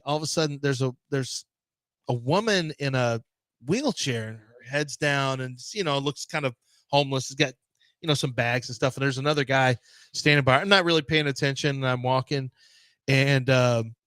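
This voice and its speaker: A man from the Houston area co-hosting a sports radio show, telling stories in a casual, animated way and acting out the people in them. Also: medium pitch, moderate pace, clear, resonant tone, dry recording. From Houston area, Texas. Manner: animated storyteller, acts out other people's voices.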